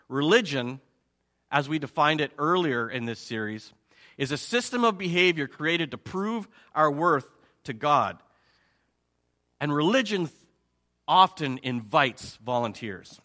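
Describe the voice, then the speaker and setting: A man preaching a sermon with a lively, swooping voice that sits a little high for a man. His tone is bright and ringing, and he acts out his listeners' reactions in playful asides. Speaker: pastor.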